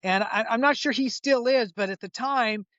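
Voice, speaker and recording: A man in his sixties, a chiropractor guest, telling a patient story in lively conversational style. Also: extremely high pitch, normal speed, no echo, highs cut off. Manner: animated storyteller, acts out quoted voices, frequent restarts.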